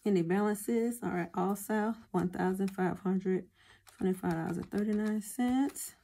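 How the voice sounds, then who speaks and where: A woman talking casually to her viewers as she goes over her budget. Her voice sits at an ordinary middle pitch, and she keeps a chatty, familiar tone, calling her audience y'all. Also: normal speed, warm tone. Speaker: budgeting vlogger.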